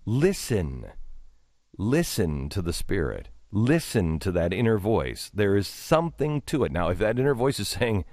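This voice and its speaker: A middle-aged man hosting a radio talk show, telling a story in a rambling, halting way with many restarts. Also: sing-song, a little mellow, no echo, studio quality. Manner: rambling, halting with many restarts, drops low for quoted asides. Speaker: radio host. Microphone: studio microphone.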